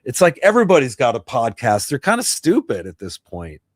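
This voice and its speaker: A man hosting a casual live stream, chatting in a rambling way with restarts and sudden excited bursts. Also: mid-range voice, a little fast, no echo, studio quality. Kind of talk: casual livestream chat.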